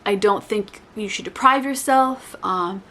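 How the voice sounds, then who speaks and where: A woman vlogger talking casually to the camera, rambling and correcting herself, with lively, playful asides to her viewers. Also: mid-range voice, unhurried, a little hiss or hum. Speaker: lifestyle vlogger. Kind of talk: casual chatty advice to camera.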